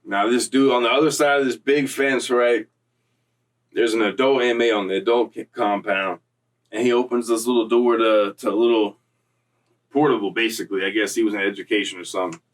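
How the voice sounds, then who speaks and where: A young man casually recounting a story in street slang, animated and full of acted-out quotes, from Florida. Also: on the low side, fairly quick, far from the mic. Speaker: storyteller recounting prison time.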